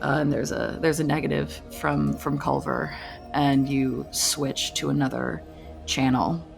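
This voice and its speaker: A woman runs a tabletop game and narrates with many pauses and fillers. Her voice is low and gravelly, with faint music behind her. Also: expressive. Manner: hesitant, full of fillers. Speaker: game master.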